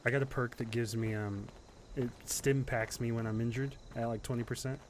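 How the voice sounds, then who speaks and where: A man in casual gaming voice chat, deadpan with crude jokes. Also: mid-range voice, a little fast, a little hiss or hum. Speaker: gamer.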